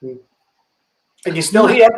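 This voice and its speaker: A male host nudges his guest along with short questions, his voice high and lively in its rise and fall. He sounds like he is in an echoey room. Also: normal speed, a little hiss or hum. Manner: brief prompting questions. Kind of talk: casual interview chat.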